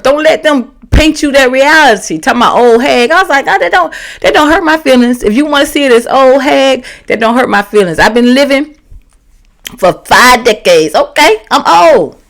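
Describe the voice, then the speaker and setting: A woman, giving a candid, sassy motivational talk to the camera and acting out the voices she quotes. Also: fairly high pitch. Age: 50s. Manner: sassy, animated, slangy, acts out quoted voices. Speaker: vlogger and comedian.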